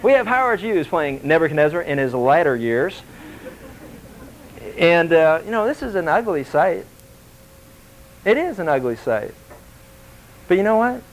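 Guy preaching, kinda high voice, animated, keeps asking the crowd stuff. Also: moderate pace, a little hiss or hum, poor audio. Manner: animated, acts out quotes with shifting voice; conversational, asks the congregation questions. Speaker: pastor. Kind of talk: sermon.

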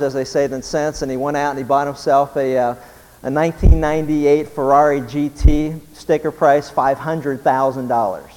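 A man preaching a sermon as pastor, a folksy storyteller who pauses often with "uh". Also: a little high, darkish tone, long reverb tail, rough recording. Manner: folksy storyteller, frequent filler "uh".

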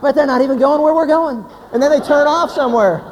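A man, a pastor, giving a humorous sermon as an animated, joking storyteller. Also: very high-pitched, fast talker. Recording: hall reverb, faint background noise.

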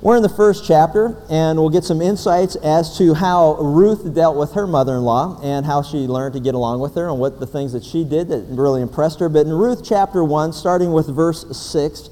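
A man's voice: a little high, normal speed, few pauses, dark tone. A man giving a sermon in a folksy, joking way, speaking directly to his congregation in a church. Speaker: pastor. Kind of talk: sermon with jokes. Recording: long reverb of a large hall.

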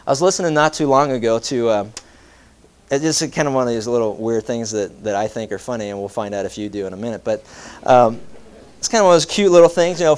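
A middle-aged man preaching a sermon, animated, with jokey asides and rhetorical questions. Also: medium pitch, clean tone. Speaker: pastor.

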